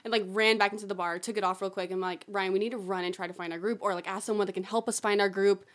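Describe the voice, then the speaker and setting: A woman's voice: medium pitch, fast talker. A young woman telling a story as a podcast guest in casual chat, acting out quoted lines and using lots of "like" fillers. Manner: animated, acts out quotes, many "like" fillers.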